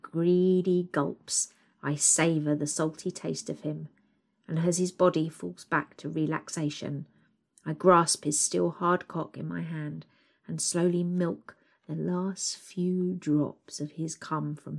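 A young woman reads an intimate first-person story aloud. Her voice sits low, and her delivery is slow, soft and breathy. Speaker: narrator.

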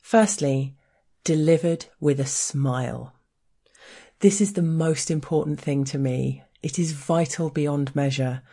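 A woman's voice: low-pitched, warm tone. An Englishwoman reading her own frank personal essay aloud in a wry, candid, playful way.

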